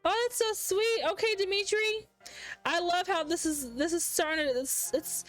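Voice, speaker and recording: A woman's voice: a little high, low-quality recording. A woman hosting a gaming channel, reading a visual novel aloud in the first person and chatting about it expressively.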